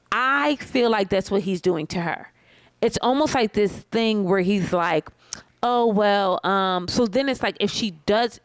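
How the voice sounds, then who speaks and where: A woman co-hosting a casual TV review chat, making her points with lively examples and asides. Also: medium pitch, no echo. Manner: animated, explains with examples and asides. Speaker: co-host of a reality TV review show.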